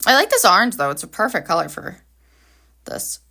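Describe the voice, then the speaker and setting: Her voice sits on the low side, yet her pitch swoops wildly; she speaks a little fast, with a gravelly, bright and forceful tone. She's a planner livestream host, drawing and chatting upbeat and casually with viewers.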